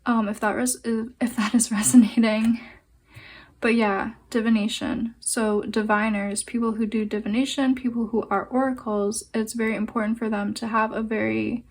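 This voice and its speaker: A young adult woman giving a pick-a-card tarot reading, speaking gently and meandering with fillers and pauses. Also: fairly high pitch, flat delivery. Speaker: tarot and oracle card reader.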